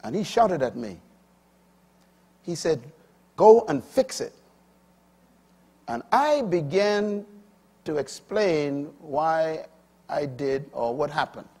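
A man in his fifties preaching a sermon, emphatic, moving between loud declarations and quiet asides. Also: a little high, lively intonation, slow, pauses often, breathy edge.

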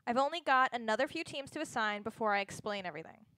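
A woman's voice: on the high side, lively intonation, fast, sharp tone, no echo. A woman playing a mock-stern young proctor. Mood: brisk. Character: stern but playful female exam proctor, older sister.

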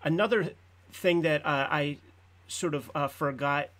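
A man hosting a relaxed interview, chatty and keen, with fillers scattered through his sentences. His voice sits a little higher than usual for a man. He sounds like a fan talking shop with his guest. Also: a little slow. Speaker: podcast host. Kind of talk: casual interview chat.

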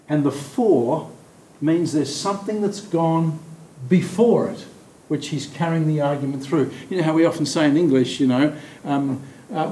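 A man teaching a Bible study in a warm, mellow voice. He talks in a halting, thoughtful way with fillers and restarts, and he slows down on key words. The recording sounds roomy and echoey, with a faint low rumble behind him. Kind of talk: teaching, explaining scripture.

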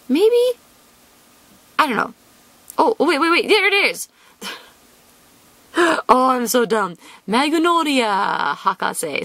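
A woman's voice: mid-range voice, vocal fry, a bit bright. A young woman chatting casually to viewers as she opens card packs, bubbly and squealing over cute cards. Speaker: card-opening vlogger.

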